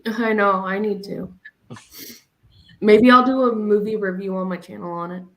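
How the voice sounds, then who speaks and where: A woman guesting on a podcast, chatting in a relaxed, low-key way. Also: normal speed, muffled recording. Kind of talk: casual chat.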